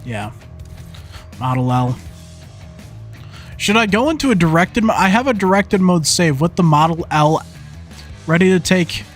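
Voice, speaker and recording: A young man streaming a zombie shooter, commentating as he plays, often frustrated and swearing, going from mumbled asides to loud outbursts. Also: sits high, expressive, measured pace, long pauses, faint music behind. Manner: frustrated, swearing, talking to the game; flips between mumbled asides and yelled outbursts. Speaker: gaming streamer. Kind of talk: live gameplay commentary.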